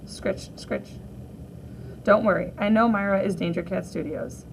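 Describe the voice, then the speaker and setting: Teacher lady reading a kids' graphic novel out loud, does the voices, a little hiss behind. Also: mid-range voice, fairly quick, rough recording. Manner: expressive, gently voicing each character. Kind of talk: read-aloud of a graphic novel for children.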